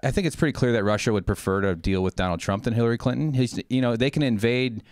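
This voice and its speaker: A man, a co-host, discussing politics in a measured, somewhat hesitant way. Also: mid-range voice, darkish tone, clear, resonant tone, dry recording, clean studio sound.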